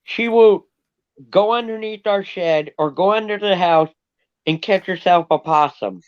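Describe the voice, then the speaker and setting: Man, higher voice, lo-fi sound, chatty pet stories. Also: unhurried, clean tone. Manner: chatty storyteller. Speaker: guest on live chat. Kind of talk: casual chat. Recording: dull lo-fi audio.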